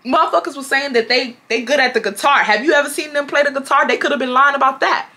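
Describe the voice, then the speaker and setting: A woman's voice: high voice, fast talker. A young woman, animatedly retelling a work story with lots of swearing. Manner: animated, profane, exasperated retelling. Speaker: vlogger telling a storytime. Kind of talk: casual storytime chat.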